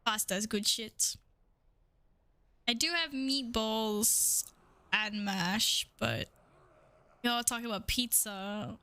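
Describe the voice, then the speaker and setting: A woman's voice: fairly high pitch, slow, long pauses, bright, forceful tone. A young woman streaming a game, chatting casually with her viewers, playful, swearing freely and laughing often. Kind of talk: casual live-stream chat.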